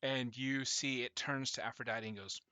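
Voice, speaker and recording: A man narrating as dungeon master in a casual, rambling way full of fillers, with sudden loud bursts. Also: mid-range voice, level tone, moderate pace, clean tone, no echo. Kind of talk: narrating a tabletop game on stream.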